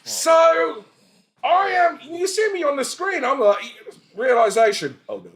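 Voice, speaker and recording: A man in his forties, a podcast guest telling stories in a casual, animated way, laughing and swearing freely. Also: extremely high pitch, measured pace. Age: 40s. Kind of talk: casual storytelling chat.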